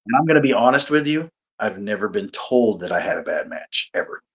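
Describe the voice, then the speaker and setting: A man, a pro wrestler talking casually as an interview guest, animated and self-mocking, often laughing and restarting his sentences. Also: fairly low pitch, fairly quick, highs cut off. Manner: frequent repeats and restarts.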